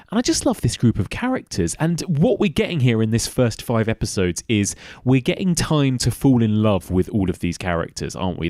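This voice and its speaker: A man's voice: fairly low pitch, a little mellow, dry recording, clean studio sound. A man hosting a podcast who chats enthusiastically and asks his guest questions. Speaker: podcast host. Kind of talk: casual chat.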